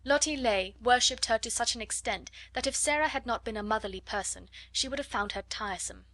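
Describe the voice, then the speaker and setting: A woman reading a classic children's novel aloud as an audiobook narrator, in measured, expressive storytelling. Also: a little high, a little hiss or hum. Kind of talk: scripted narration.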